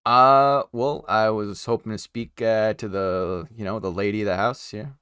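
A man's voice: fairly low pitch, steady tone, normal speed, a bit bright, clear, resonant tone, dry recording, clean studio sound. A man playing a tabletop game, talking in character casually and hesitantly with many fillers. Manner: hesitant, many ums and uhs. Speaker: player.

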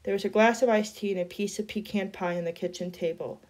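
A woman reading a novel chapter aloud in a steady storytelling voice. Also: medium pitch, fast talker. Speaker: reader.

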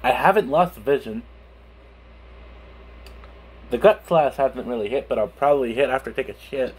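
A man's voice: medium pitch, moderate pace, breathy edge. A young man chatting casually on his vlog, speaking with a lisp from a burned tongue, laughing and swearing as he stumbles over words. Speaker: YouTuber.

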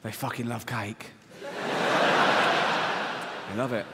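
A man's voice: mid-range voice, level tone, takes it slowly, heavy background noise. A man with an English accent doing a stand-up routine, telling a story in a crude, sardonic way with frequent swearing. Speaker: stand-up comedian. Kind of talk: stand-up comedy. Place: large theatre stage. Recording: live show in large reverberant hall.

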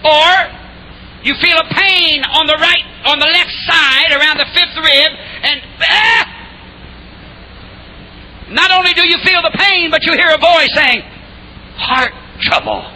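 An older man preaching a revival sermon, shouting and calling on the crowd to answer back. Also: very high voice, fairly even intonation, normal speed, a little hiss or hum, poor audio. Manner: shouting, call-and-response exhortation.

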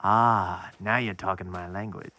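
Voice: low voice, fairly even intonation, measured pace, sharp tone, a little hiss or hum. An actor playing a whiny talking skeleton. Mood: sarcastic. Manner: sarcastic, complaining. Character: sarcastic talking skeleton, male, petty and whiny. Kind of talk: short horror-comedy film acting.

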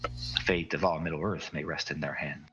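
A man voicing an ancient, wise male elf lord who speaks in measured, solemn pronouncements. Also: a bass voice, fairly even intonation, dull audio, over music.

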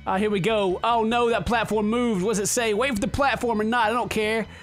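A man giving joking, sarcastic let's play commentary on a game, excitable and swearing a lot into a close desk microphone. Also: high-pitched, a little fast, soft background music. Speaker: gaming YouTuber.

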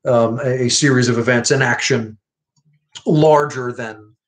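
Casting note: a man with a middle-pitched voice, wry and halting, chatting through a scene. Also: steady tone. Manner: halting, full of "uh" and restarts, wry. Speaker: literature explainer. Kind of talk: casual explanatory commentary.

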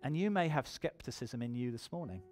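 A man's voice: mid-range voice, animated, a little fast, a little mellow, faint music behind. A man preaching a sermon in church, telling his own testimony and building to emphatic appeals.

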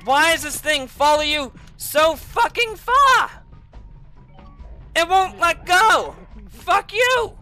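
A young woman giving rage-filled gameplay commentary as a host, swearing and yelling at the game. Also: high voice, lively intonation, takes it slowly, soft background music. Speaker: gaming video host.

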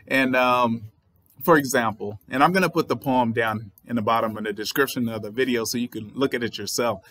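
A man with a Southern US accent talks through a poem he has just read, in a thoughtful, explanatory way. His voice sits in a middle pitch and sounds close and dry, with no room around it. He sometimes spells words out letter by letter. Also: fairly quick, a bit bright, dry recording. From Southern United States. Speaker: writer and channel host. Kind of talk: poetry reading with commentary.

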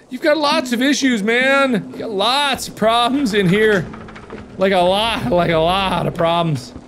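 A man commentating a horror game, excitable and jumpy, with loud reactions and swearing. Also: high-pitched, a little slow, background noise. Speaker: gaming host. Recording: game music in background.

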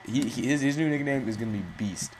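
A man's voice: medium pitch, fast talker, a little hiss or hum, poor audio. A man hosting live gameplay commentary with rambling, jokey, self-mocking asides. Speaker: gaming channel host.

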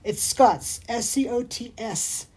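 A woman running a casual jewelry shop livestream rambles and digresses as she reads out viewer comments. Her fairly high voice moves slowly, with a dark tone and a breathy edge.

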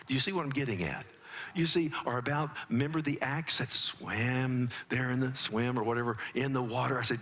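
A middle-aged man preaching a sermon as pastor, telling family stories in an animated way and often restarting his words as he talks to the congregation. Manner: animated storytelling with quick pitch jumps for quoted child voices; frequent restarts and conversational asides to the congregation. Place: church sanctuary.

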